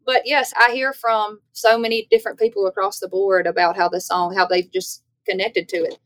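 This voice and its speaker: Country singer guest, Louisiana woman, mid pitch, lively folksy storyteller, dry sound. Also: normal speed, dry recording. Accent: Southern US, Louisiana. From Northeast Louisiana. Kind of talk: podcast interview.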